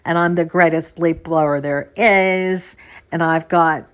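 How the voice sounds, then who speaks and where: Woman podcaster, lowish voice, casual rambling monologue, repeats herself for emphasis. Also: steady tone, a little slow, clear, resonant tone. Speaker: podcast host.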